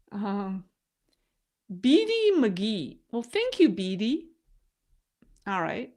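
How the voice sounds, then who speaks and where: A woman, a non-native English speaker, hosting a casual live stream, chatty and quick to laugh at herself. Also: medium pitch, sing-song, a little mellow. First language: not English. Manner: chatty, laughs often, self-deprecating.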